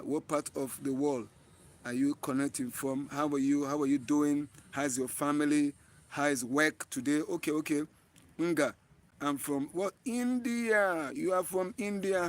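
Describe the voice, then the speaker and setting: Nigerian male streamer, earnest and repetitive, higher voice, talks outdoors to his live viewers. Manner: earnest, repetitive, often restarts phrases. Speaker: livestream host. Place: outdoors in bright sun.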